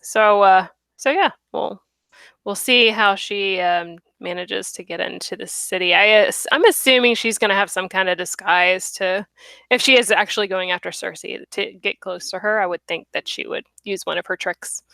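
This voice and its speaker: A woman's voice: medium pitch, moderate pace, creaky, sharp tone, no echo. A woman hosting a live online chat show, talking casually with lots of fillers and giggles. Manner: chatty, giggly, many fillers. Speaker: host.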